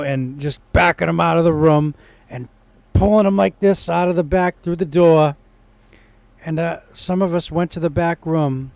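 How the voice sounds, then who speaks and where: Guy rambling thru a personal story, highish voice, gets worked up sometimes. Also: creaky, a little mellow, no room sound. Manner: rambling, with restarts and rising indignation. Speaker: vlogger.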